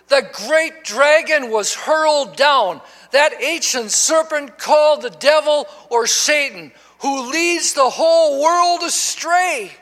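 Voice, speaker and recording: Pastor in his 60s, high bright tenor, slow deliberate preaching, long church reverb. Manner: preaching, swelling to shouts with call and response. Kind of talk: sermon. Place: church sanctuary.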